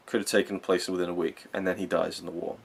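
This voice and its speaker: A man's voice: deep voice, flat delivery, quick pace, creaky, breathy edge. A young man giving a rambling, enthusiastic spoken film review, full of fillers and self-corrections.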